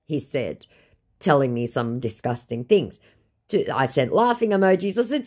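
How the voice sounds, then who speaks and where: A woman telling the story of baiting a scammer, with sardonic, deadpan asides. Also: low voice, moderate pace. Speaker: scam baiter recounting a chat. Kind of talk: storytelling vlog narration.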